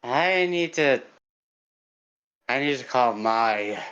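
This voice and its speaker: A player speaking in character in a tabletop role-playing game, slow and hesitant. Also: mid-range voice, expressive, a bit bright, smooth. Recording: dull lo-fi mic.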